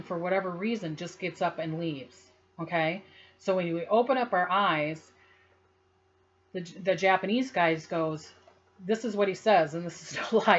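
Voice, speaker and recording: A woman psychic tells a personal story to the camera in a casual, rambling, animated way, acting out what other people said and laughing often. Her voice is on the low side, and the audio sounds dull.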